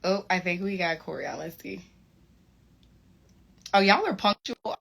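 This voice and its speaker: A woman hosting a casual live stream chat, excitable and chatty, talking into a phone. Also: medium pitch, creaky. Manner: excitable, chatty, quick shifts into loud greetings. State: throat soothed with cough drops.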